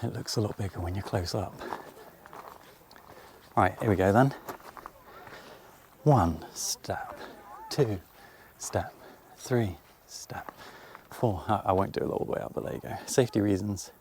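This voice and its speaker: Chatty low gravelly man vlogging outdoors. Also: fast talker, darkish tone. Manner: chatty, self-mocking, addresses viewer directly. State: out of breath while climbing. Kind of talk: casual vlog walk-and-talk. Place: outdoors, farm fields and coastal path. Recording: faint outdoor noise.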